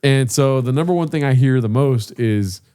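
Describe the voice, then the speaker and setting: A man's voice: mid-range voice, moderate pace, mellow, clear, resonant tone. Casual man telling golf stories. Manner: loose, profane, acts out voices in his stories. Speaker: podcast co-host. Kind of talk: casual storytelling chat.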